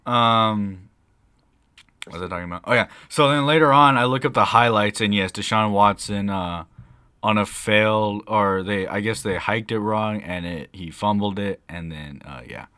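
A young man co-hosting a casual podcast, telling a rambling story with lots of swearing and excitable bursts. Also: lowish voice, normal speed, clean tone, no room sound, clean studio sound. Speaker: podcast co-host. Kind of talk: casual chat.

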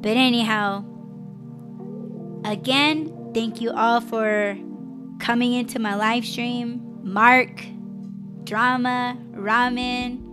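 A woman's voice: a little high, fairly even intonation, takes it slowly, pauses often, music in the background. A woman hosting a live-stream podcast, talking candidly and emotionally and swearing freely. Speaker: podcast host.

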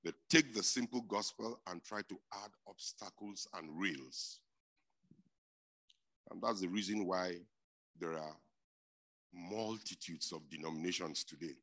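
A man preaching a sermon, emphatic and repeating his key phrases, dropping to quiet stretches and rising to loud, forceful bursts. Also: sits low, unhurried, pauses often.

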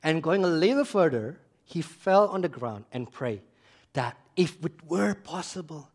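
A man preaching a sermon, emphatic, repeating phrases and putting questions to his listeners, swinging between loud emphasis and quiet asides. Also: on the high side, expressive, unhurried.

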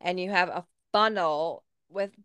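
Smooth-voiced woman telling stories with laughs. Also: lowish voice, a little slow, no room sound. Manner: laughing, expletive-heavy, animated. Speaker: podcast co-host. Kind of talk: casual storytelling chat.

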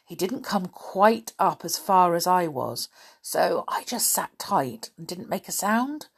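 A woman reading a children's story aloud, voicing an eager schoolboy in a raised, excited, slightly husky voice. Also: on the low side, slow, heavily acted. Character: eager schoolboy telling his news.

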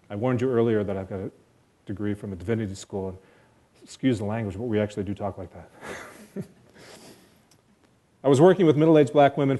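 An American man tells a personal story to an audience in vivid present tense. He is earnest and quick to poke fun at himself. His voice is mellow and warm, at an ordinary pitch. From United States. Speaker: speaker telling a personal story.

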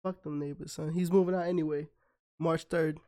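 A man co-hosting a casual podcast in an apartment, bantering loudly and teasingly with lots of swearing. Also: a little high, steady tone, brisk. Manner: loud, teasing, profane banter. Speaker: podcast co-host. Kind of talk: casual drunk podcast chat.

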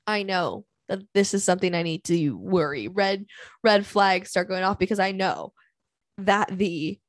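A young woman runs a solo podcast, dramatically airing her dating gripes with open swearing and frequent sighs. Her mid-range voice keeps a measured pace, and the recording has no echo. Her tone is blunt throughout.

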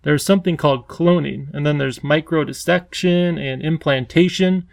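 A man's voice: on the high side, normal speed, vocal fry, no room sound, clean studio sound. A man voicing an earnest, polite professor who sounds courteous and anxious.

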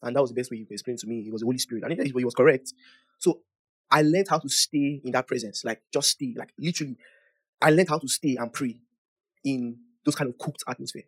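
A young man preaching with real conviction. His voice sits at an ordinary middle pitch but jumps up and gets louder on the big declarations, then drops into quiet, chatty asides. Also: fast talker, breathy edge. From Nigeria. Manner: emphatic, animated, swings from loud declarations to soft asides. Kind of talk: sermon.

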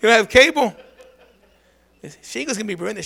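A man preaching a lively call-and-response sermon, swinging from low asides to shouted calls for a response. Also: moderate pace, gravelly.

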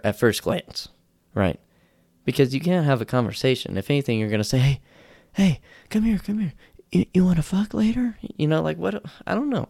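A young man rambles through a casual podcast story, poking fun at himself. His voice has a gravelly, creaky texture. The sound is close and dry, with no room echo. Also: medium pitch, a little mellow. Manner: rambling, self-deprecating, acts out quotes in raised voices. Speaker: podcast host.

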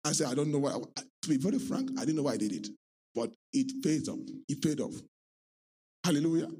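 A man pastor preaching a sermon, swinging between low talk and high, shouted, sung-out lines. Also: animated, fairly quick, slightly rough.

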